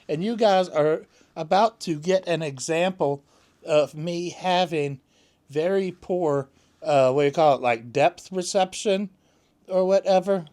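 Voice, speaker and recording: A man chatting casually to camera at home, rambling along with plenty of fillers and restarts. His voice sits fairly high and comes across smooth and clear. He takes his time, talking slowly. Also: darkish tone. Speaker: vlogger.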